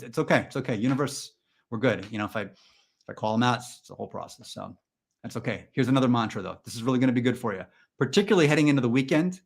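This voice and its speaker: A man hosting a comedy livestream, leading a parody guided meditation in a slow, soothing tone that slides into sarcastic rants. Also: medium pitch, gravelly, slightly rough. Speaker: comedy show host.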